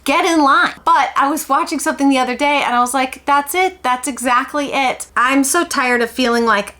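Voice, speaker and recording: A woman's voice: high-pitched, steady tone, fairly quick, bright, forceful tone. A woman, talking in a candid confessional vlog in an emphatic, outspoken and self-mocking way. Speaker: homeschool vlogger.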